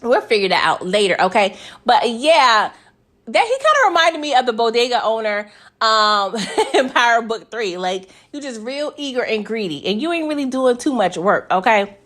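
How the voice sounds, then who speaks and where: A woman's voice: fairly high pitch, sing-song, moderate pace, fairly bright tone. A woman casually recapping a TV episode in a chatty, slangy way, often tacking on "okay?" and laughing between points. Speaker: TV recap host.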